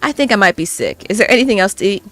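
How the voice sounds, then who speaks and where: A woman's voice: medium pitch, racing, faint music behind. A woman streamer reading a dating game aloud in a playful way. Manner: playful, animated.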